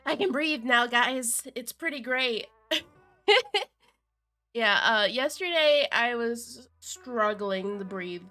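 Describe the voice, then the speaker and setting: Bright, giggly young woman streamer. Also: fairly high pitch, takes it slowly. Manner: giggly, excitable, chats to viewers. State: congested from a cold, chewing cough drops. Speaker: VTuber streamer. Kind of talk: casual live-stream chat.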